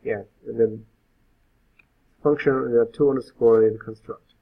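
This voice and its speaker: A man's voice: mid-range voice, steady tone, moderate pace, gravelly. A male web instructor giving an informal live coding lecture, thinking aloud with frequent fillers. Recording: phone-like lo-fi sound.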